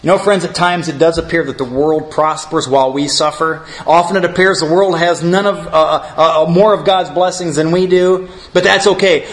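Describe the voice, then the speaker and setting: Middle-aged male preacher, slightly high-pitched, chatty storytelling sermon building to emphatic points. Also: fairly even intonation, normal speed, hardly any pauses, rough recording. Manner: conversational storytelling preacher, rising to emphatic lists. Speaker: pastor.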